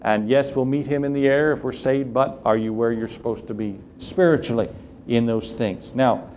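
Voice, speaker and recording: A man's voice: mid-range voice, steady tone, normal speed, a little mellow, slight background noise. A man preaching a sermon as pastor, earnest and building to emphatic questions. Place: church sanctuary.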